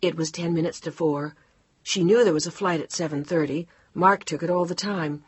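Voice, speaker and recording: A woman reading an audiobook in a steady, measured narration. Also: deep voice, slightly rough. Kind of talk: scripted narration.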